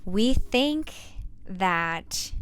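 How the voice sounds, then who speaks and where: A woman quoting a panicked sixteen-year-old schoolgirl in a casual, hurried tone. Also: mid-range voice, expressive, clean tone.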